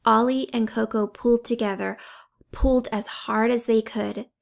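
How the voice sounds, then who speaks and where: This is a woman reading a children's book aloud, her voice sitting a little high with a gravelly edge. She tells the story steadily and slips into breathy whispers at the tense moments. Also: fairly even intonation, normal speed. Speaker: audiobook reader.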